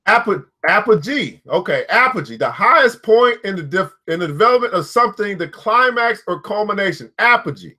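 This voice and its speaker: Excitable high-voiced man reading aloud. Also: a little fast, hardly any pauses. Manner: excitable, bursts into whoops and laughter. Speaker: book reader and host. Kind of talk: reading a book aloud with commentary.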